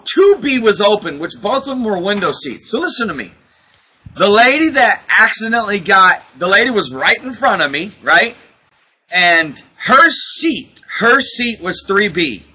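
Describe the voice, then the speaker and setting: A man hosting a podcast, telling a story in a casual, excitable way, acting out what people said and laughing often. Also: high-pitched, normal speed, rough recording. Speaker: podcast host. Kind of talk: casual chat, animated storytelling.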